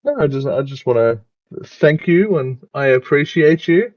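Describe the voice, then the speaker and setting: A man's voice: fairly high pitch, expressive, moderate pace, no room sound. A man casually playing a tabletop game in a playful, easygoing way. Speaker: player. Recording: dull, dry lo-fi mic.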